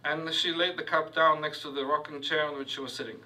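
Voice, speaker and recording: A man reading his own fiction aloud to a live audience, halting on fillers and adding asides. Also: on the high side, little pitch movement, pushed and bright, recorded from a distance, low-quality recording. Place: university reading hall with audience.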